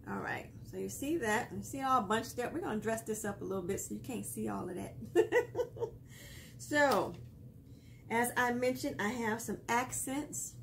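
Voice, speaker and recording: A woman's voice: on the high side, lively intonation, measured pace, creaky, a little hiss or hum. A woman hosting a casual craft tutorial, chatty and laughing often as she explains each step while she works. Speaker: craft video host.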